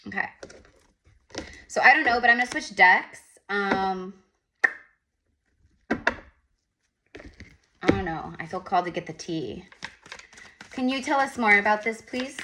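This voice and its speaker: A woman's voice: mid-range voice, measured pace, pauses often. A woman giving a casual tarot reading, rambling and repeating herself as she channels. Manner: rambling, repetitive, animated asides. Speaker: tarot reader.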